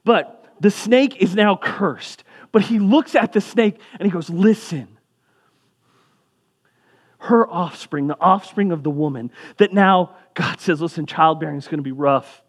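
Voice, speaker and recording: A man's voice: sits high, slow. A young man preaching a sermon as pastor, in a conversational way with casual asides.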